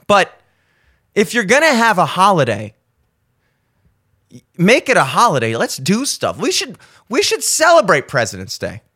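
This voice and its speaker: A man's voice: high voice, sharp tone. A man hosting a podcast, delivering a profane, sarcastic comedic rant and acting out mock conversations. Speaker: podcast host. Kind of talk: ranting comedic monologue.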